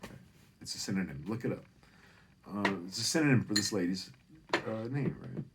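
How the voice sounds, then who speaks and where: A man's voice: on the low side, fairly quick, noisy background. A man in his fifties from Northern California, telling a personal story in a rambling, profane way and often tagging lines with "right?". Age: 50s. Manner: animated, profane, keeps asking "right?".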